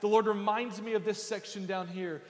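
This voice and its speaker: A man preaching a sermon in a church sanctuary, with a repetitive, impassioned cadence that swells into shouting. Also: high-pitched, fairly even intonation, moderate pace. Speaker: pastor. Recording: echoey hall with faint congregation.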